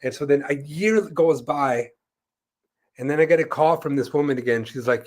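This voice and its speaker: A man's voice: on the high side, moderate pace. Rambling, chatty male co-host. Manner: rambling, full of "like" and "you know", acts out quoted voices. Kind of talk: casual storytelling in conversation.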